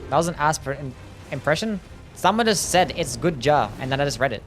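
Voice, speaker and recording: A man's voice: fairly high pitch, expressive, fairly quick, a bit bright, slight background noise. Offhand male game streamer. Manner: loose and offhand, with swearing and laughter. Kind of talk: casual live-stream commentary, answering chat. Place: home streaming setup.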